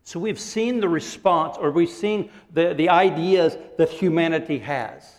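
A man preaching a sermon as pastor, animated, acting out quotes and laughing often. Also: a little high, a little slow. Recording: long hall reverb.

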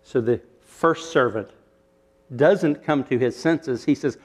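A man's voice: mid-range voice, slow, breathy edge. A man preaching a sermon, retelling a parable with rhetorical questions and shifting emphasis. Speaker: pastor.

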